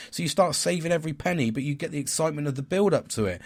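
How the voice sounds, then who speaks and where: A man's voice: on the high side, very fast. Frank, swearing man in his forties. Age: 40s. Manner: frank, rambling, swears freely. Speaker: podcast host. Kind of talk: candid personal talk.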